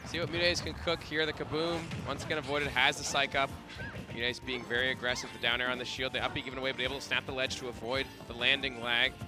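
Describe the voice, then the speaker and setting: A man giving live play-by-play commentary on a fighting game tournament, quick and excitable, often laughing. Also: mid-range voice. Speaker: esports commentator. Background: game music.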